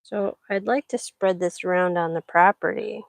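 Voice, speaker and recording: A woman's voice: on the low side, steady tone, normal speed, no room sound. A middle-aged woman chatting casually while potting seeds in a greenhouse, talking to her pets now and then. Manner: chatty, talks to her pets mid-task. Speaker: vlogger. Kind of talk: casual chat while gardening.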